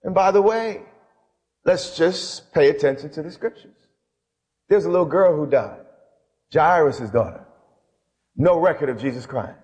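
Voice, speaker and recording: A man preaching a sermon as a bishop, impassioned, swinging from hushed lines to loud ones. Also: sits high. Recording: hall reverb.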